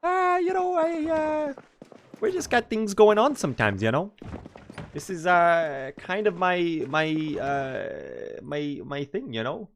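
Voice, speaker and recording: A man's voice: sits high, sing-song, slow, voice pushed up, exaggerated voice. A man putting on a friendly, rambling Canadian character with a mock Canadian accent, full of hesitant "uh, you know" fillers. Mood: folksy. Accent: put-on Canadian.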